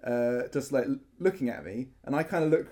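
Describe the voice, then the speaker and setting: A man in easy podcast conversation, his voice sitting at an ordinary middle pitch. He rambles and restarts as he retells events, and his enthusiasm keeps spilling into laughter. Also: lively intonation, fairly quick, warm tone. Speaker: podcast co-host recounting a larp event. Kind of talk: casual chat.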